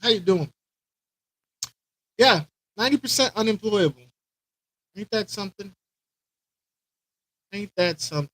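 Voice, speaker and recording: A man's voice: sits high, animated, unhurried, long pauses, fairly bright tone, no room sound, low-quality recording. A man hosting a live stream, chatting loosely with viewers, rambling and repeating himself as he greets them by name. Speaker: aquarium channel host.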